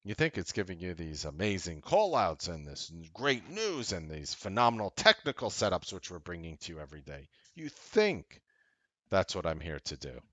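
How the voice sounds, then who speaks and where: Man, very deep voice, dry close sound, blunt casual host, swears freely, earnest pep talk. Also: sing-song, normal speed, no room sound. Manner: earnest, grows loud and emphatic. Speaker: trading show host. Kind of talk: motivational talk to a live audience.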